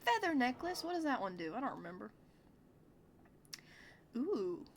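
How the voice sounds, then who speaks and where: A woman's voice: fairly high pitch, big pitch swings, moderate pace, slight background noise. A woman streamer giving casual gameplay commentary, chatty and giggly with sudden exclamations.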